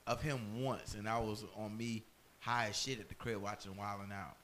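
Podcast co-host, male, bright tone, loose slangy delivery. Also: on the low side, steady tone, moderate pace, slight background noise. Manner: laid-back slangy banter. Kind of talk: casual chat.

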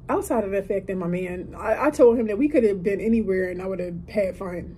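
A woman's voice: mid-range voice, a little fast, few pauses, warm tone, a little hiss or hum, low-quality recording. A woman of 30 hosting a solo podcast from a hotel room, talking in a heartfelt, emphatic, motivational way. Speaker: podcast host. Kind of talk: casual solo podcast talk.

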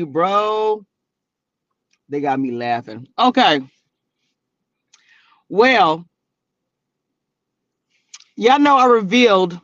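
A reality TV blogger hosts her own live stream, reading comments and chatting casually with viewers in a sassy, teasing, slangy way, laughing a lot. Her voice is on the low side with a fairly bright tone, and the recording is dull, lo-fi and dry with no room sound.

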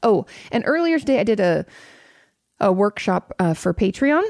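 A woman therapist talks through listener questions in plain, frank terms and doesn't shy away from swearing. Her mid-range voice carries a lot of vocal fry. The sound is close and dry, with no room echo. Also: medium pitch, sing-song, moderate pace, darkish tone. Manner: blunt and candid, swears freely. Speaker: therapist host answering audience questions. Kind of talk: casual advice talk.

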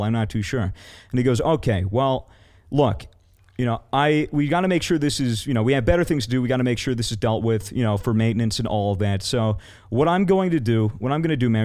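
A man's voice: mid-range voice, a little mellow. A man in casual podcast talk, telling a story with plenty of swearing and acting out the people he quotes. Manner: profane, acts out quoted voices.

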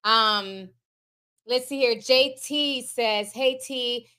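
A woman's voice: on the high side, extremely slow, pushed and bright, smooth. A woman in her forties, raised in the United States, chatting casually on a livestream, reading viewer messages with slangy asides and frequent laughs. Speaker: livestream host reading super chats.

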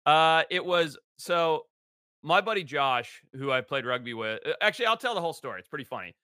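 A man's voice: fairly high pitch, animated, brisk, sharp tone, no room sound. A male podcast co-host in casual chat with dry, sarcastic humor.

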